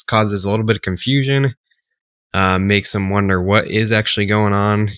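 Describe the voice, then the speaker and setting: A man coaching door-to-door solar sales, talking casually and breaking down a rep's pitch step by step with many fillers. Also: no echo. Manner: relaxed, filler-heavy, explains step by step.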